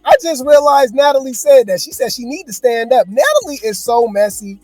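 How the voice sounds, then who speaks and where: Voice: high voice, expressive, fairly quick, darkish tone, no echo, faint music behind. A host giving casual, slangy reaction commentary, chatting and joking with viewers.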